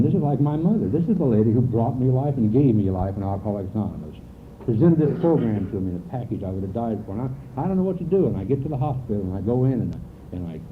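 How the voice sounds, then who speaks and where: Earnest man speaking on hissy old tape. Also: mid-range voice. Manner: heartfelt, earnest storytelling. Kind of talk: personal recovery talk to a meeting. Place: recovery meeting in California. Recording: hissy lo-fi 1980s tape, phone-like.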